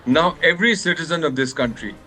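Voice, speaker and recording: A man's voice: a little high, animated, quick pace, sharp tone. A man with an Indian accent, a former ambassador speaking as a guest on a TV news debate, heated and emphatic, openly angry and calling the anchor sir. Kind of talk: impassioned TV debate commentary.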